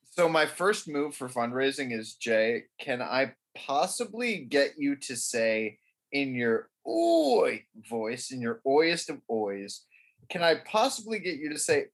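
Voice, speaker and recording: A man with a husky, slightly breathy voice, bantering crudely and sarcastically on a podcast. He rambles through his jokes with an easy, offhand delivery. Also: mid-range voice, sing-song, slow pace. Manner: rambling, sarcastic, laughing often.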